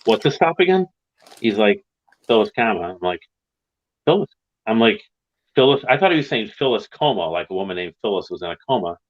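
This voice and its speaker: A man's voice: lowish voice, animated, brisk, highs cut off. A man in his fifties from Massachusetts, telling a rambling anecdote in casual chat and tagging his lines with "right?".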